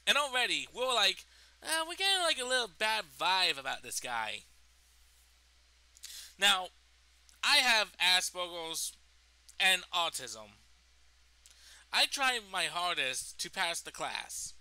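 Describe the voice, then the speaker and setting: High, bright-voiced young man telling a story. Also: big pitch swings, slow, long pauses, clear, resonant tone, low-quality recording. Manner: rambling, profane, full of fillers and restarts. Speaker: storytime vlogger. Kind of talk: casual storytime.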